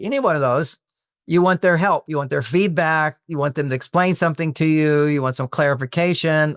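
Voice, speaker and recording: A man's voice: fairly high pitch, a bit bright, dry recording, clean studio sound. An older man, a relationship author, explaining workplace advice in a conversational way and acting out little bits of dialogue. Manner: explanatory, acts out example dialogue in quick little voices.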